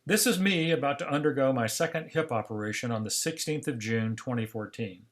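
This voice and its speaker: An older man delivers a seminar lecture in a calm, storytelling manner. His voice sits at an ordinary middle pitch, and he acts out remembered conversations along the way. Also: fairly quick. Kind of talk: scripted seminar narration.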